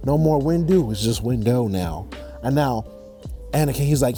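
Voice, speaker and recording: A young man telling a movie story as a comedic rant, slangy and animated, slipping into quick character voices. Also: mid-range voice, soft background music. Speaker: comedy vlogger.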